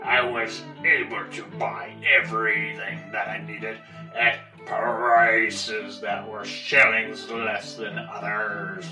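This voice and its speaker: A man voicing a gruff male pirate in a comic radio ad, talking pirate slang and growling "arr". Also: lowish voice, level tone, takes it slowly, hardly any pauses. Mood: boastful. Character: gruff male pirate giving a customer review. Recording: roomy, distant, guitar music behind.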